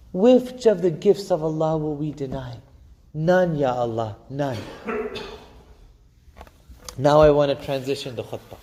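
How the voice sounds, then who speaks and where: A man giving a Friday sermon, preaching with passion, slowing and swelling for emphasis and chanting Arabic phrases. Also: a little high, warm tone. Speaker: imam giving Friday khutbah. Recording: long hall reverb.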